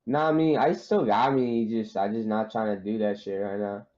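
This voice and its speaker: Young man, low voice, laid-back slangy talk, muffled lo-fi chat audio. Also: fairly even intonation, normal speed, darkish tone. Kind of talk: casual chat.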